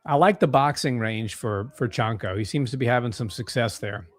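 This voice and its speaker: A young man co-hosting a live fight watch-along from home, calling strikes excitedly and reading out chat comments. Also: medium pitch, moderate pace. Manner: excitable, gasping at big strikes.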